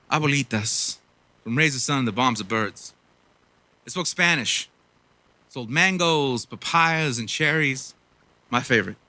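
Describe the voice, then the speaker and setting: A man's voice: mid-range voice, sharp tone, dry recording. A man in his forties from Los Angeles performing spoken word poetry with a rhythmic, earnest delivery and casual asides. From Los Angeles, USA. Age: 40s. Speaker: poet.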